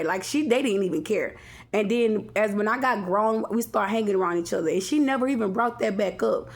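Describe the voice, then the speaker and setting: Rambling woman telling a personal story. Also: mid-range voice. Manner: rambling, with frequent restarts and asides to viewers. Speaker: vlogger.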